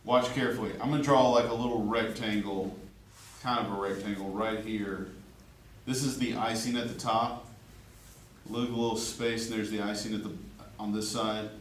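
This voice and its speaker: Guy teaching art, chatty and jokey, lowish voice, echoey classroom picked up from across the room. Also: steady tone, normal speed. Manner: chatty, joking, checks in with the class. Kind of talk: classroom drawing demonstration. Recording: echoey classroom from far off, faint room noise.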